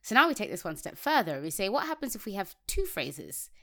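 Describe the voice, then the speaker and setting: A woman's voice: medium pitch, big pitch swings, brisk, bright, forceful tone. A woman co-hosting a casual technical podcast, reading code aloud step by step and laughing easily. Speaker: podcast co-host.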